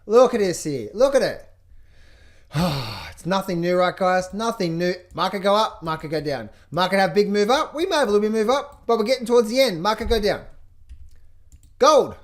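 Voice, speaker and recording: A middle-aged man coaching on trading, talking over charts in an energetic, playful way, chanting phrases in a sing-song repetition. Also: sits high, moderate pace. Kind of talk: casual market commentary over charts.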